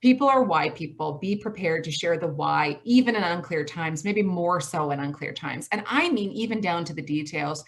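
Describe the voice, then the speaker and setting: A woman in her forties from Michigan with a Midwestern accent gives a motivational talk over a video call from home. She talks fast, stresses her points hard and repeats her key phrases. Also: on the low side, animated. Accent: Midwestern American. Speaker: college president giving a talk.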